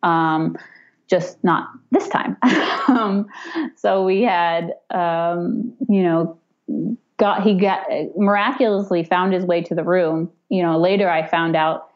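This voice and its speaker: A woman in her thirties tells a personal story in a relaxed, chatty way. Her voice sits a little low, and she often breaks into lively quoted voices. The audio sounds dull and lo-fi. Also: slow. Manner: animated, acts out quoted voices with raised pitch, frequent fillers and laughs. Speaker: podcast guest telling her birth story. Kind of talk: casual storytelling.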